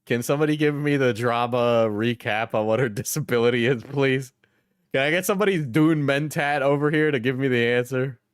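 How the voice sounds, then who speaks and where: A man hosting a live stream, reacting with rambling, halting commentary and frequent laughs. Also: mid-range voice, clean tone, no room sound, clean studio sound. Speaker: streamer host.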